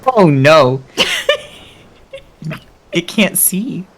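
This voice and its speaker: A woman's voice: lowish voice, sing-song, very slow. An American woman chatting and teasing playfully while playing a game with a friend, laughing often. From United States. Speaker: co-player. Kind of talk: casual gaming chat.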